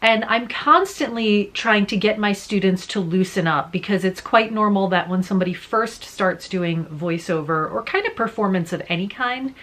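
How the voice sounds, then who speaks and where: A young adult woman who works as a voice-over artist and teacher, talking casually to camera and explaining with lively hand gestures. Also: medium pitch. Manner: animated, gestures with her hands while talking.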